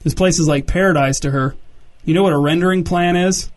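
A man voicing a blunt, jealous young boyfriend who talks low and pushy, calling everyone "dude". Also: a little fast, natural voice. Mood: brooding.

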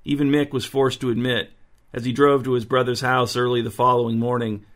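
A man narrating a story in a dry, even reading voice. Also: medium pitch, fairly quick. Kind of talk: audiobook narration.

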